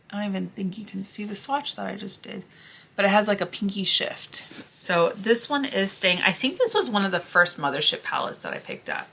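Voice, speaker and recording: A woman vlogger chatting casually through a makeup declutter, gushing and sometimes dropping to a hushed near-whisper, her voice hoarse as she loses it. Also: mid-range voice. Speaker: beauty vlogger.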